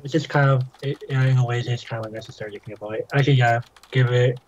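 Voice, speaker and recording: A man's voice: mid-range voice, steady tone, fast, a little mellow, highs cut off. A man with a mid-range voice chimes in on a casual podcast, mostly agreeing in short bursts. Faint keyboard typing can be heard behind him.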